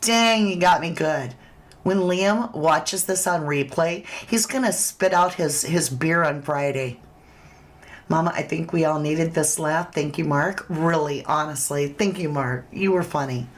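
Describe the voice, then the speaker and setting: A woman with a lowish voice hosts a relaxed livestream chat. She takes her time, talks to viewers like friends, and reads out their comments as she goes. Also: unhurried. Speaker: true crime livestream host.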